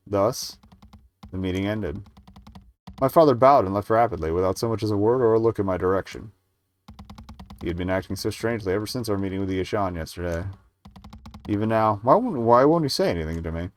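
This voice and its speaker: A streamer with a lowish, expressive voice reads a story game demo's dialogue and narration aloud at a brisk pace, faint music playing behind him. He reads plainly, with small stumbles he corrects now and then.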